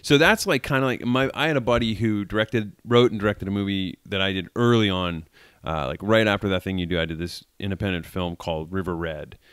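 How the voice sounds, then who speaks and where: Low-voiced man chatting as a podcast guest. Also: brisk, clear, resonant tone, dry recording, clean studio sound. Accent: Massachusetts. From Massachusetts. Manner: relaxed, rambling storyteller with filler words. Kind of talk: casual podcast chat.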